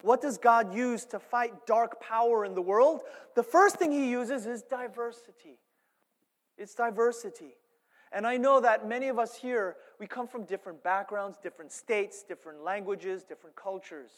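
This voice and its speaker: A male pastor delivers a sermon in an animated storytelling manner, dropping to hushed asides and rising to loud, emphatic points. His speaking voice sits high for a man. A long reverb rings through the church hall. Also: normal speed.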